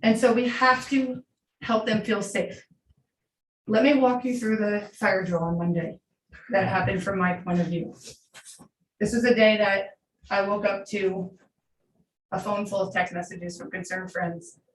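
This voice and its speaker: In a medium-pitched, steady voice, a woman in her 40s speaks a little slowly with frequent pauses. She's a longtime middle school teacher sharing an unscripted, heartfelt story during public comment at a school board meeting. The large hall echoes, the mic is set back, and faint hiss is audible.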